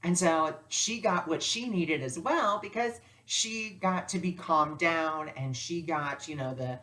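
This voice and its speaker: Low-voiced woman telling a lesson story. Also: unhurried. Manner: animated, acts out dialogue with lively voices. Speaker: spiritual teacher and life coach.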